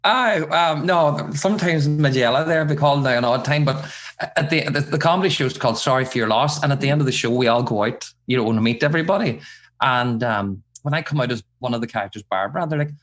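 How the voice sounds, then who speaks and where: A man's voice: medium pitch, fast, fairly bright tone. A man, a comedian and impersonator chatting as a podcast guest, laughing easily and slipping into voices. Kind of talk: casual interview chat.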